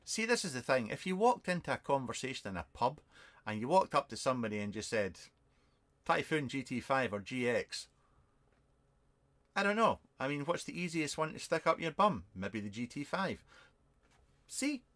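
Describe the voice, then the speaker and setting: A man's voice: medium pitch, big pitch swings, a little fast, fairly bright tone. A British man over fifty, hosting a casual live vlog from his shed, answering viewer questions in a rambling, sarcastic, self-mocking way with plenty of fillers. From Britain. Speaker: vape reviewer and channel host. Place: home shed. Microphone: webcam.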